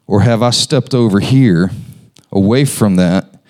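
A man's voice: lowish voice, unhurried, darkish tone. A man preaching a sermon, talking conversationally and asking his listeners questions. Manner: conversational, asks the congregation questions.

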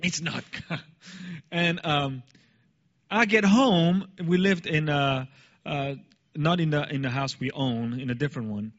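A man casually telling a personal story in an animated way, laughing now and then. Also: on the high side, measured pace, highs cut off. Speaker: speaker sharing a story.

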